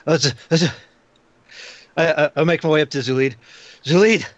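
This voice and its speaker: A man's voice: a little high, fairly even intonation, fast, no room sound. Stammering male player, dry dull audio. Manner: hesitant, stammering questions. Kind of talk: casual tabletop game play.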